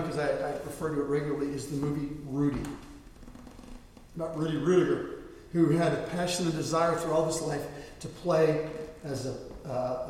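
Male pastor, high voice, dramatic storyteller, booming hall, mic at a distance. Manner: dramatic storytelling, swinging between soft and loud. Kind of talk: sermon. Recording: echoey hall from far off.

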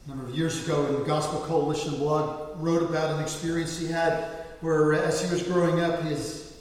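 A middle-aged man delivers an earnest sermon in a slightly high voice, swelling louder as he quotes scripture. He stands some way from the mic, and his words ring through a large, reverberant hall. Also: flat delivery, brisk. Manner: earnest preaching, swells louder when quoting God. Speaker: pastor. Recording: echoey hall, voice from far off the mic.

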